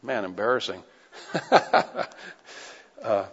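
A man's voice: on the low side, slow, a bit bright, slightly rough. A man preaching a sermon, reading scripture aloud and breaking off into casual conversational asides. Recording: dull lo-fi recording with long hall reverb.

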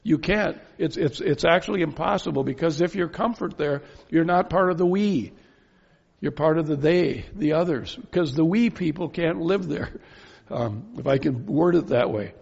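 Man, preacher, sermon, slow emphatic questions, gravelly voice, long reverb in a church hall. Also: on the high side, a little mellow, highs cut off. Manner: emphatic rhetorical questions, slow stressed phrases.

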